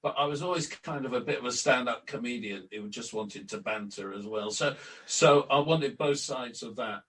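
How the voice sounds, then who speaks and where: An older man telling anecdotes in a relaxed interview, acting out remembered conversations with many restarts. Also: medium pitch, normal speed, few pauses. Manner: anecdotal, acts out quoted exchanges, frequent restarts. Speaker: interview guest, former club announcer and editor. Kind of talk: storytelling in a relaxed podcast interview. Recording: distant from the mic.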